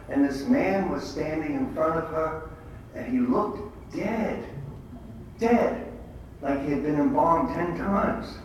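An older man giving a faith talk to a group, telling stories with quoted dialogue in an emphatic way. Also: a little high. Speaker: lay speaker at a prayer meeting. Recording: echoey hall, distant mic, faint background noise.

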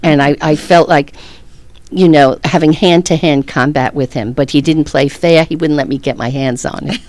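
A woman's voice: low-pitched, steady tone, normal speed, a little mellow, no room sound. A middle-aged woman earnestly telling a personal faith story, often laughing as she speaks. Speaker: guest.

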